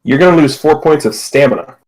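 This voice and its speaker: A man acting as game master, explaining rules and narrating a tabletop game over a voice call with a relaxed, playful manner. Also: fairly high pitch, a little fast, rough recording.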